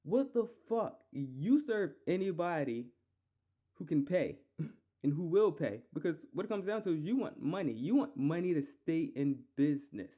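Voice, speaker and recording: A man's voice: fairly high pitch, big pitch swings, moderate pace, dark tone. A man hosting a solo podcast, ranting heatedly and profanely, repeating himself. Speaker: podcast host.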